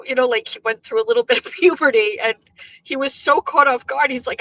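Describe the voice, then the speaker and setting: Woman, middle-aged, bright voice, personal storytelling, emotional, halting, frequent throat clearing. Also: on the high side, animated, low-quality recording. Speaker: show host.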